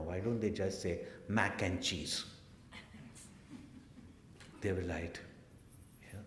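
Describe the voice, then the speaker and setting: A man gives a spiritual lecture, slipping into stories with casual asides and quick tag questions. His voice sits fairly low. The sound is roomy, with a long hall reverb and faint background noise. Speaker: spiritual teacher. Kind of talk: lecture with storytelling.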